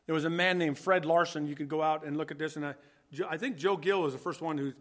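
Bright high-voiced man preaching a sermon. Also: steady tone, fast talker. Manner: conversational, thinking aloud with restarts.

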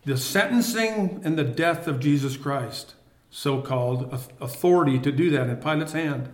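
A man reading a Bible passage aloud and stopping to explain it to a study group, with pauses and restarts. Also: a little high. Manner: reads scripture then explains it with pauses and restarts. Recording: echoey room.

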